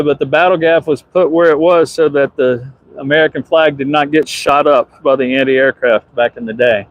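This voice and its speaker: A man's voice: a little high, fairly even intonation, moderate pace, highs cut off. A man with a Southern US accent giving a casual live stream from a ship deck as its superintendent, answering viewer comments as he films.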